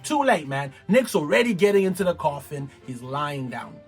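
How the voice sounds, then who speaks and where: A man's voice: on the high side, moderate pace, husky, faint music behind. A man talking casually and animatedly in slangy commentary, recapping a TV show. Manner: animated, slangy, acts out others. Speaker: TV recap vlogger.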